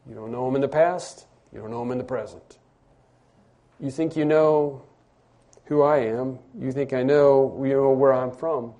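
A man preaching a sermon as pastor, emphatic, repeating phrases and rising to loud stresses. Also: mid-range voice, steady tone, moderate pace.

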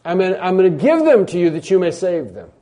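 Male preacher, emphatic and repetitive, mellow tone, slightly high pitch. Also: sing-song, fast. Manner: emphatic, repeats phrases, swings between loud stresses and quiet drops. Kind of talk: sermon.

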